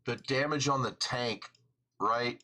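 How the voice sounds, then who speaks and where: A man in a casual chat, telling a long story in an animated way, laughing often and swearing freely, with a husky voice. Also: mid-range voice, slow.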